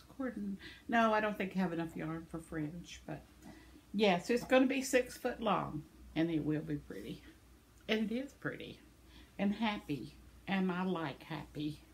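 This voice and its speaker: A woman's voice: medium pitch, slight background noise. A woman, chatting to camera about viewer comments, tender and close to tears. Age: 70s. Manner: tearful, tender, with soft laughs. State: teary, on the verge of crying. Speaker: vlogger reading viewer comments. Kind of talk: casual chat to camera.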